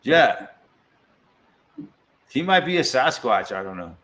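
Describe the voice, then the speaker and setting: A man's voice: mid-range voice, sing-song, slow, fairly bright tone. A man hosting a casual podcast chat, laid-back, laughing often and swearing casually. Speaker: podcast host.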